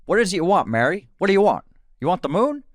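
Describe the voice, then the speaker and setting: A man doing an impression of a lovestruck young man from an old film, with a halting drawl. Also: sits high, sing-song, dry recording, studio quality, pitched above the performer's own voice. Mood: earnest.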